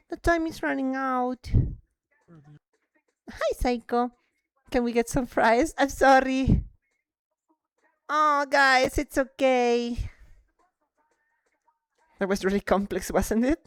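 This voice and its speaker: Woman streamer, excitable and chatty, mixes English with Spanish, smooth high-ish voice, dry close mic. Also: slow pace, pauses often, no echo. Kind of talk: casual live-stream chat while gaming.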